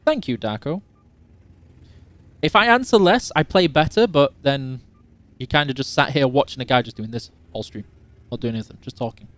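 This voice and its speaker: A man's voice: medium pitch, normal speed, pauses often, fairly bright tone, no room sound. A man from Yorkshire hosting a live game stream, chatting casually and teasing while reading out chat questions. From Yorkshire, England.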